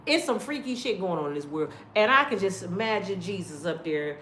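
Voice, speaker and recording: A woman in her fifties ranting casually to her viewers, blunt and profane, telling animated stories, recorded in an echoey room. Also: lowish voice, a little fast, slight background noise. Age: 50s. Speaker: online commentator.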